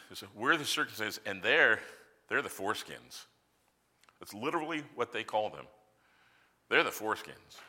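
A male pastor delivers a sermon in a bright, forceful, sharply cutting voice. His pitch jumps up and down in a lively way as he moves from casual, conversational asides to sudden loud, emphatic lines.

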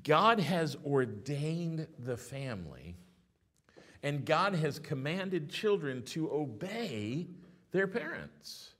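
Animated storytelling male pastor. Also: fairly high pitch, takes it slowly. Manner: animated storytelling, swings between hushed and loud. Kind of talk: sermon.

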